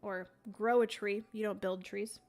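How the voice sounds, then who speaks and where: A woman's voice: medium pitch, steady tone, a little slow, creaky, darkish tone. A young woman hosting a livestream, thinking aloud as she plays a board game and chatting casually with her viewers. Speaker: livestream host playing a solo board game.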